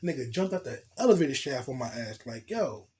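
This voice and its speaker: A man telling a storytime tale in profane street slang, animated and blunt. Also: medium pitch, fast, slight background noise. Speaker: storytelling vlogger. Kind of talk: casual storytime monologue.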